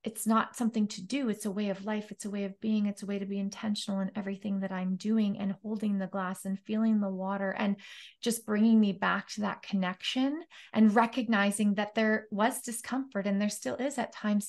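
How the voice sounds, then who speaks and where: A woman's voice: medium pitch, fairly even intonation, fairly quick, a little mellow. A woman hosting a casual interview, sharing reflections in a heartfelt way and laughing often. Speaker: interview host.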